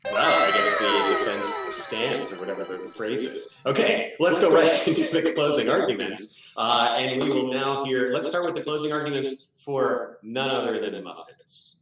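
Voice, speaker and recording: A man's voice: mid-range voice, very animated, fairly bright tone, slight background noise. Upbeat man hosting in an echoey room. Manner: upbeat, brisk emcee patter. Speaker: game show host and judge. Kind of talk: hosting an improv game show. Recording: roomy echo, distant from mic.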